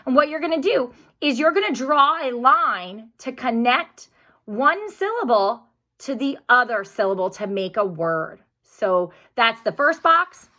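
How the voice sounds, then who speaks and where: A woman teacher giving a recorded spelling lesson to young children, speaking slowly and clearly in an encouraging way. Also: a little high, lively intonation, bright, forceful tone.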